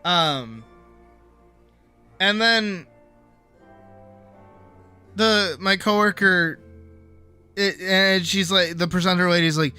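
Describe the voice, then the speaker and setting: Bright-voiced chatty streamer, faint music. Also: medium pitch, slow pace, long pauses, smooth. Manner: chatty, swears freely, acts out quoted voices. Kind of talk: casual storytelling chat.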